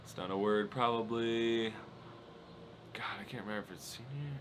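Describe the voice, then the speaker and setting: A man's voice: lowish voice, rapid-fire, background noise. A young man in his twenties hosting a solo podcast, rambling through casual stories with lots of fillers and laughs. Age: 20s. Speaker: podcast host.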